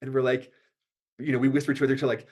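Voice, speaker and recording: Man guest, American, mid-pitch, earnest and flowing, talks in long run-on thoughts. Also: flat delivery, fast talker, darkish tone. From United States. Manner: earnest, flowing, many "you know" fillers. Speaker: podcast guest. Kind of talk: casual conversational podcast.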